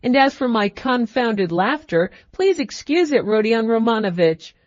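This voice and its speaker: A woman's voice: on the high side, lively intonation, a little slow, no echo, lo-fi sound. A woman voicing a crafty, fussy middle-aged male magistrate who talks in a cackling, ingratiating way.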